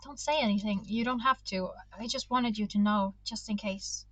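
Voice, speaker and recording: A woman's voice: mid-range voice, a bit bright, no echo, close to an everyday voice, rough recording. A woman doing a shy, nervous dragon boy. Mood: tender. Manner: hesitant and halting.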